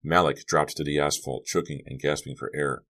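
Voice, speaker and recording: A man with an extremely deep, low voice narrating a horror novel for teens. He tells the story in steady, dramatic scripted narration. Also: moderate pace. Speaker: audiobook narrator.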